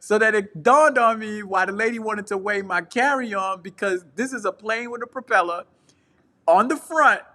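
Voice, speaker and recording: A man's voice: high voice, moderate pace, pushed and bright. A man co-hosting a casual talk show from his couch, telling a travel story with slang and acting out the people in it. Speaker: podcast co-host and traveling preacher. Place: home couch.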